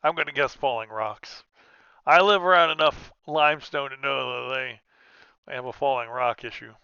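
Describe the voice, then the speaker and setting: Gaming streamer, male, bright clean tone, rambling casual commentary, dry close mic. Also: mid-range voice, moderate pace, gravelly, smooth, dry recording, lo-fi sound. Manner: rambling, self-interrupting, chatty.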